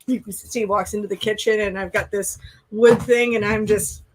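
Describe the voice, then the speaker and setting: A woman's voice: medium pitch, steady tone, normal speed. A woman with a Minnesota accent co-hosting a casual live chat, laughing often and reading out viewer comments. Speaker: co-host.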